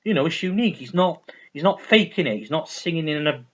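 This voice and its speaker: A man's voice: fairly high pitch, expressive, fairly quick. A man chatting casually about his records, enthusiastic and rambling, often repeating himself. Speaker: vinyl collector vlogger. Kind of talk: casual record review chat. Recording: dull lo-fi recording.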